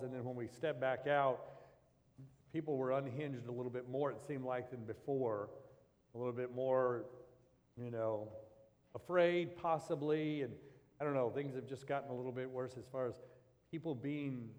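A male pastor preaches in an easy, rambling way, circling back and restarting his thoughts as he tells stories. His mid-pitched voice carries a long hall reverb, as if heard in a large church. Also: darkish tone. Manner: conversational, rambling storytelling with restarts. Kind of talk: sermon.

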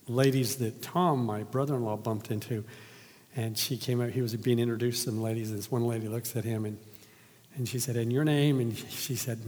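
A man's voice: medium pitch, darkish tone, big-room sound. A man preaching a sermon in a conversational way, asking the congregation questions and then reading from scripture. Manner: conversational, asks the audience questions.

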